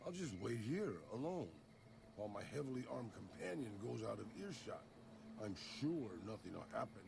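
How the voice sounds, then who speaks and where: An actor playing a weary middle-aged ex-gunslinger game companion with a dry, sarcastic manner. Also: male voice, big pitch swings, normal speed, a little mellow. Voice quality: low gravelly voice, dry sarcastic. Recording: game audio with music behind.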